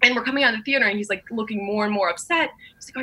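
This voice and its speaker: A woman's voice: a little high, racing, sharp tone, husky. A young woman in casual chat, animatedly telling a dating story and acting out the quotes.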